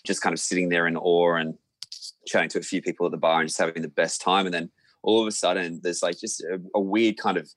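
A young Australian man, a musician, telling a lively anecdote in a casual interview, full of fillers and restarts. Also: low voice, fast, no echo. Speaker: musician guest.

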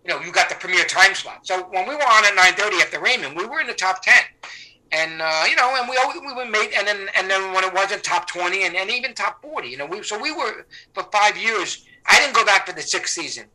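Tell it like a bright, forceful rambling man. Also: high voice, fast talker, poor audio. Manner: rambling, with many restarts and fillers; animated, acts out the people he quotes. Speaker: actor, interview guest. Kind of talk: casual anecdotal storytelling.

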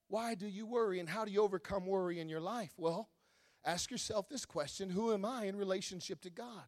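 A male pastor from Wisconsin, preaching a sermon that swings between quiet teaching and loud, shouted exhortation. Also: high voice, a little fast.

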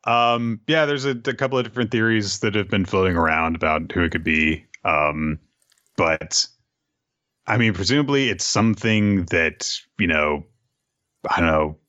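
Deep-voiced young man recapping a comic. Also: moderate pace, sharp tone. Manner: casual, swears, fillers. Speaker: podcast host. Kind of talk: casual recap chat. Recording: slightly dull, dry sound.

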